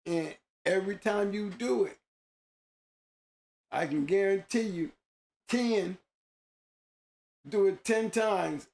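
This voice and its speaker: A man's voice: high-pitched, takes it slowly, gravelly, pauses often, a little mellow. A man hosting a show, talking casually in an emphatic, slangy way, often repeating himself. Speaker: host. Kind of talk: casual monologue.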